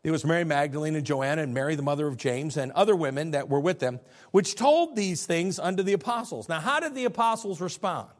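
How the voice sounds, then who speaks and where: A middle-aged male pastor preaching a sermon, animated, acting out biblical figures as he goes. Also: fairly high pitch, fairly quick.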